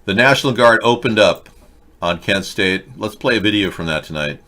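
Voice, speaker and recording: A man's voice: lowish voice, animated, normal speed, sharp tone. A man hosting a political talk show, talking in a mocking, sarcastic way and jumping between bits and rants. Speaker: host.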